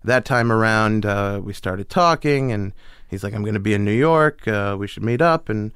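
A man's voice: fairly low pitch, normal speed, smooth, no room sound, clean studio sound. A young man, a comedian guest, telling stories in a casual interview and acting out the voices of the people he quotes. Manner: animated storyteller who acts out quoted voices. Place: host's garage studio.

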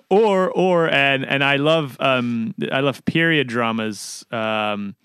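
A man's voice: medium pitch, expressive, takes it slowly, fairly bright tone, clean tone, no room sound, clean studio sound. A man co-hosting a film podcast, talking enthusiastically in rambling casual chat. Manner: rambling, many restarts and fillers, enthusiastic. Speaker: podcast co-host.

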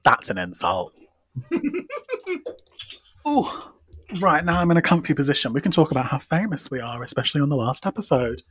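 A man's voice: medium pitch, sing-song, a bit bright, slightly rough, no echo. A man co-hosting a podcast in casual, joking chat. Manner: playful, joking, quick to laugh. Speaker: podcast co-host.

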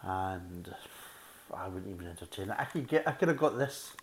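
Deep-voiced blunt male beer reviewer. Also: lively intonation, normal speed, rough recording. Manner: blunt, rambling, repeats himself. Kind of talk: casual spoken beer review. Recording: faint background hiss.

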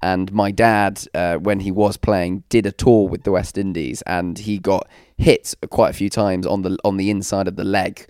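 A man with a lowish, smooth voice talks in a rambling, casual way, stopping and restarting as he goes. The sound is dry and close. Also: fairly even intonation, moderate pace, hardly any pauses, darkish tone, dry recording. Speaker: podcast co-host. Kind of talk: casual chat.

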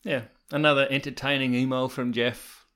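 An Australian man co-hosting a sports podcast, relaxed and quick to laugh. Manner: easygoing, laughs often, lively pitch. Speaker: podcast co-host. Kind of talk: casual sports podcast chat.

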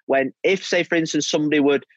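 A man's voice: on the high side, fast, no room sound, muffled recording. A middle-aged man telling stories as a podcast guest in casual interview chat, repeating words as he goes and chuckling often. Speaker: podcast guest, former footballer. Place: podcast studio.

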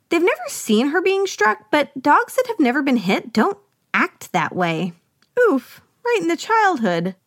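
A woman's voice: mid-range voice, dry recording, studio quality. A woman hosting a podcast, giving a chatty, wry solo recap of a film with playful asides. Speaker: podcast host. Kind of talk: solo movie recap commentary.

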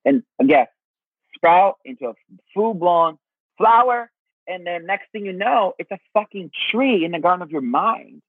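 Man, expressive spiritual advisor, slightly high voice, husky, tinny phone-quality audio. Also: moderate pace, no echo. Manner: expressive, swears casually, calls people honey. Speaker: spiritual teacher guest. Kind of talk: casual spiritual advice chat. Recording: tinny phone-like line, dry.

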